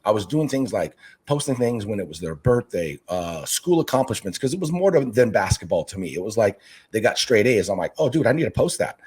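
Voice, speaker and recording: Man, husky voice, casual interview, animated storyteller, youth coach. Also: lowish voice, brisk. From Northern California. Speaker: youth basketball coach and aquarium channel creator.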